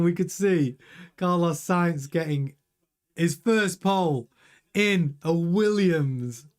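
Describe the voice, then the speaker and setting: A man hosting a live watch-along, commenting casually and excitably while answering viewers' chat. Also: a little high.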